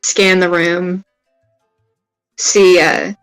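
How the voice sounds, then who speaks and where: A man player describing his character's actions in a relaxed way. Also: sits high, drawn-out words, clear, resonant tone, soft background music, rough recording.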